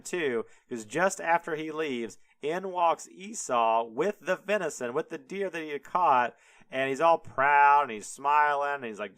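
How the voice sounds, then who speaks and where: Brief: young male podcast host, loose comic retelling, smooth voice, dry close mic. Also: mid-range voice, fairly bright tone, no room sound. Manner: rambling, full of "like", laughs often.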